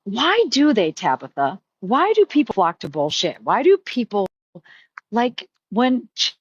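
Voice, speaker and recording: A woman's voice: mid-range voice, wildly swooping pitch, measured pace, slightly rough, no echo, lo-fi sound. A middle-aged woman hosting a live stream, talking candidly in a rambling way, with frequent swearing and restarts. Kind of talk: casual live-stream chat.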